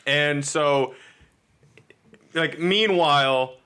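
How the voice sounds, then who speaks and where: A man's voice: fairly high pitch, drawn-out words, pushed and bright, clean tone. A man co-hosting a podcast, casually recapping comic book issues and acting out the characters' lines. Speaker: podcast co-host.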